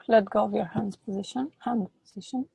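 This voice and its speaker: Slow-paced woman leading a group exercise. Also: mid-range voice, creaky, bright, forceful tone, slightly rough, no room sound. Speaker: workshop facilitator.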